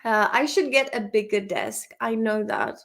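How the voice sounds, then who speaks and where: A woman's voice: mid-range voice, sing-song, moderate pace, vocal fry, a bit bright. A woman teaching English in casual chat at her home desk, chatty and echoing words, congested with a cold. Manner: chatty, echoes words and laughs often. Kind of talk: casual chat while studying.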